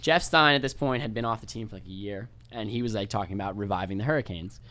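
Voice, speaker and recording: Young male podcast guest from New York, quick, low-pitched, rambling storyteller in a dry room. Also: pushed and bright, dry recording. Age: young adult. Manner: rambling, laid-back, swears freely and mimics others. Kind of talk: casual storytelling chat.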